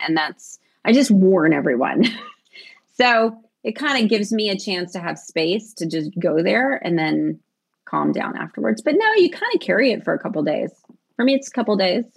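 Husky woman, chatty and laughing. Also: mid-range voice, normal speed. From American South. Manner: warm, chatty, laughs often, animated storytelling. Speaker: actress and interview guest. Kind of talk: casual interview chat.

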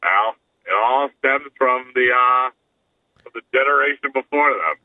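A man's voice: medium pitch, a little slow, no echo. A man, co-hosting a podcast in casual comedy banter, rambling and restarting his sentences. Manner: rambling, self-interrupting. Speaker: podcast co-host. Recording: tinny phone-line sound.

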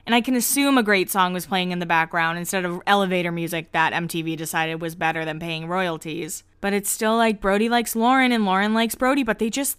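Host, female, mid pitch, smooth and clear, chatty recap full of 'like'. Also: fairly quick, few pauses, fairly bright tone. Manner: chatty, heavy use of 'like', laughs often. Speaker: podcast host. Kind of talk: casual episode recap.

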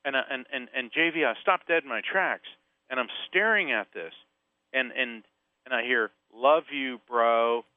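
A man from Central Florida tells a personal story as a guest, sounding tinny and narrow, as if over a phone line. His delivery is animated, with quick shifts as he acts out the voices of people in the story. The sound is close and dry. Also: medium pitch, dry recording. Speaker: guest author and medium. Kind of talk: storytelling interview.

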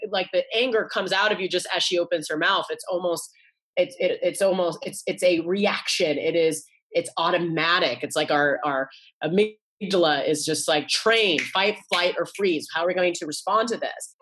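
A woman's voice: on the low side, a bit bright, husky. A woman in her forties, a guest author, talking earnestly in a casual interview and often restarting and repeating her words. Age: 40s.

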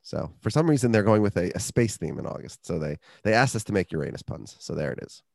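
A man's voice: deep voice, fast, creaky, dry recording, studio quality. A man co-hosting a podcast, joking and rambling through a casual ad read and sports chat. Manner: jokey, rambling, lively. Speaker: podcast co-host.

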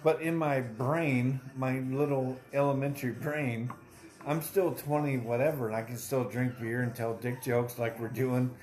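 A man's voice: mid-range voice, fairly even intonation, measured pace, a little mellow. A man in his forties hosting a podcast, chatting casually with friends as a rambling, profane storyteller who laughs often. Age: 40s. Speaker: podcast host. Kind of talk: casual banter among friends.

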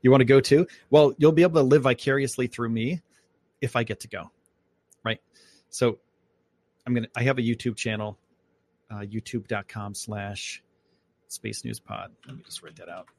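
Chatty guy rambling on his live podcast, gravelly and a bit husky, from upstate new york. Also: medium pitch, fairly even intonation, normal speed, long pauses, darkish tone, no room sound. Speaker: podcast host. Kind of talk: casual live-stream chat. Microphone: microphone at home.

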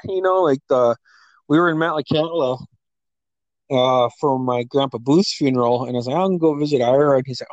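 A man's voice: fairly quick, dry recording, highs cut off. A man casually telling stories about a friend, laughing often and acting out quotes in a raised voice. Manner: animated storyteller, acts out quotes in a higher voice; laughs often, many fillers. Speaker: friend sharing memories. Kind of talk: casual storytelling chat.

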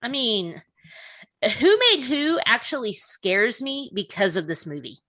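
A woman chatting on a podcast, her pitch swinging widely as she talks. She is blunt and quick to laugh, and the sound is dry. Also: no echo. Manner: animated, laughing often, blunt. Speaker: podcast co-host. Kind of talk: casual chat.

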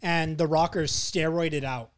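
A man's voice: fairly high pitch, steady tone, unhurried, no echo. A tired young man in a casual podcast chat, correcting the others on the details. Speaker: podcast co-host.

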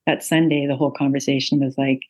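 Woman telling her story, flat steady voice. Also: a bass voice, fast talker, low-quality recording. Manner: earnest storytelling with many fillers. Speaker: author and guest. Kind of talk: interview conversation.

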